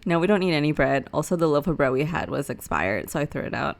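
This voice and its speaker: A young woman with a low-pitched voice co-hosts a relaxed podcast from a small living room. She talks in a chatty, giggly way, with plenty of "like" fillers. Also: quick pace, gravelly. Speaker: podcast co-host. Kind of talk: casual chat.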